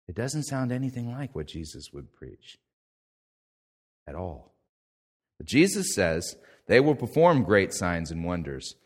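A man preaching a sermon in a folksy, conversational way, swinging from quiet asides to loud, emphatic quoted lines. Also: mid-range voice. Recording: long hall reverb.

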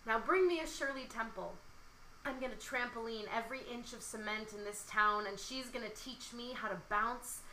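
A woman's voice: a little high, normal speed, reverberant, a little hiss or hum, poor audio. A young woman reading a love poem aloud with feeling, then chatting about it casually as a podcast co-host. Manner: expressive dramatic reading, then chatty with many "like"s. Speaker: podcast co-host discussing poetry. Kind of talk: poetry reading and casual chat.

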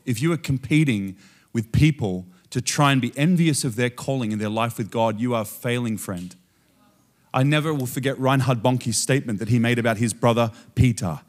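A man with an Australian accent preaching a sermon on stage, moving between soft, chuckling asides and loud, emphatic points. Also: medium pitch. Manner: animated, swinging from soft asides to loud emphasis, often laughing. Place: on stage before a congregation.

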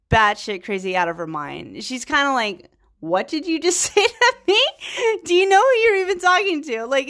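A woman's voice: medium pitch, a bit bright. Chatty young woman rambling through a review. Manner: rambling and chatty, heavy on "like" and "um", frequent laughs. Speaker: writer and blogger reviewing a TV series. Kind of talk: casual spoken review.

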